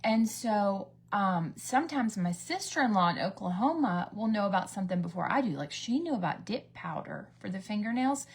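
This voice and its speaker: A woman's voice: mid-range voice, expressive, normal speed, hardly any pauses, slightly rough. A woman in her thirties from the United States, doing a rambling, gossipy get-ready-with-me chat as a beauty vlogger, acting out the voices in her stories. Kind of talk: chatty get-ready-with-me storytelling.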